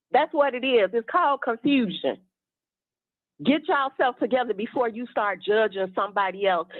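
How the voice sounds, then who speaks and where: A woman's voice: a little high, no echo. Indignant woman evangelist on a phone line. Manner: preachy, indignant. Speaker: caller, evangelist. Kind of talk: impassioned call-in rant.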